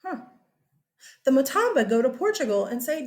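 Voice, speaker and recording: A woman's voice: high voice, sing-song, normal speed, darkish tone. A woman teacher giving a casual, chatty history lecture over slides. She often checks in with her listeners.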